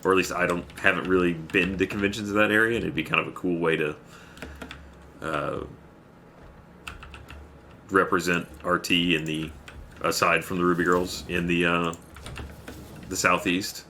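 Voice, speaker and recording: Very deep, forceful male streamer. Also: level tone, normal speed, pauses often, slight background noise. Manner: rambling, thanks viewers by name between gameplay remarks. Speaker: livestreamer. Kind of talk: casual chat while playing a game.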